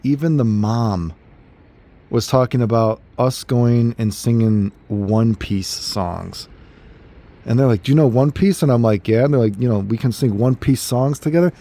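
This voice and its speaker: Rambling man telling stories, mellow voice. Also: mid-range voice. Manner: animated, rambling, with many fillers and laughs. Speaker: storyteller. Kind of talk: casual anecdote telling.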